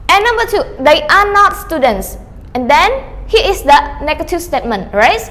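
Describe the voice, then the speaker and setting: A woman's voice: extremely high pitch, sing-song, normal speed, fairly bright tone, in a large hall. A woman teaching an online English grammar lesson, filling her sentences with "okay" and acting out rising and falling question tags. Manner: repeats "okay" often, calls herself teacher; models question-tag intonation with rising and falling tones.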